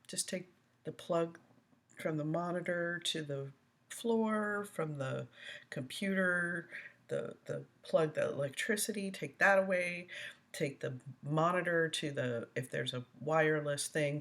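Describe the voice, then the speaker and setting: A woman's voice: low-pitched, fairly bright tone. A middle-aged woman hosting a casual commentary stream, chatting and rambling as she reads viewer comments aloud, often laughing. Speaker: host.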